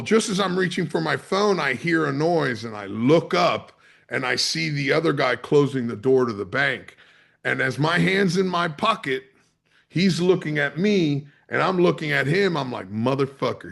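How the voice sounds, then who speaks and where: A charter captain from the US East Coast, a guest on a podcast, telling a story in a lively, salty way and acting out what people said. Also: male voice, fairly high pitch, vocal fry. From Maryland's Eastern Shore, USA. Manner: vivid storyteller, swears freely, acts out quotes. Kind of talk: conversational storytelling.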